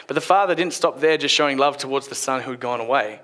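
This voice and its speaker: A man giving a short church sermon, retelling a story and dropping his voice softly at key points. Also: medium pitch, quick pace. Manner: retells the story with acted quotes, drops softer at key points. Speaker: preacher.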